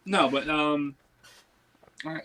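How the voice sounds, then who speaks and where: Rambling co-host with the hiccups. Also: male voice, a little high, extremely slow, fairly bright tone, low-quality recording. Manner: rambling, lots of "like" and restarts. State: has the hiccups. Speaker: podcast co-host. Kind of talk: casual podcast chat.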